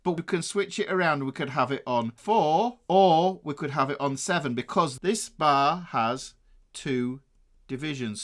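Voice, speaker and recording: A man's voice: on the high side, expressive, moderate pace. A man with a Northern English accent teaching a guitar rhythm lesson, explaining time signatures and counting beats aloud. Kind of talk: music lesson.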